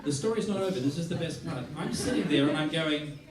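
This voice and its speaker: Man, Australian accent, lively masterclass storyteller, roomy hall, distant mic. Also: on the high side, fast, a loud crowd. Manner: animated storyteller, acts out quotes, laughs often. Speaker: musician teaching a masterclass. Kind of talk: anecdote-driven talk to an audience. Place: large theater hall. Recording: echoey hall, voice from far off.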